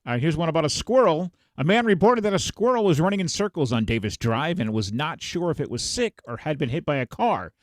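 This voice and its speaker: A male podcast host reading out police blotter headlines in a casual, animated way, laughing as he goes. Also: a little high, fairly quick, hardly any pauses, no room sound, studio quality.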